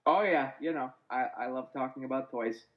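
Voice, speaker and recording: A man with a mid-pitched voice joins a casual podcast chat. He rambles and halts, circling back before he finishes each point. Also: normal speed, narrow, tinny audio, slight background noise.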